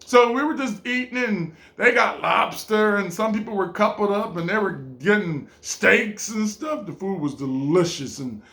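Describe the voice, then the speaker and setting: A man's voice: normal speed, few pauses. A man from California, telling a rambling vacation story in a casual vlog. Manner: rambling, repeats himself, swings between low mumbles and excited high bursts. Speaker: vlogger.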